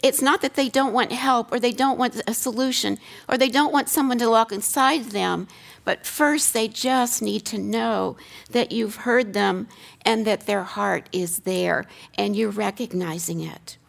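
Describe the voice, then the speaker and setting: A woman's voice: fairly high pitch, a little slow, vocal fry. A middle-aged woman gives an earnest teaching talk on scripture. She asks rhetorical questions and repeats key lines for emphasis. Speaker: seminary teacher giving a talk.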